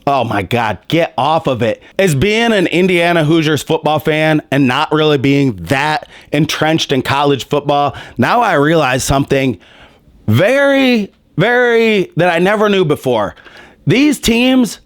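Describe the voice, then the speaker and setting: A man's voice: a little high, expressive, unhurried, no echo, clean studio sound. A man hosting a sports commentary show, ranting in a heated, mocking, profane way, his voice strained and worn.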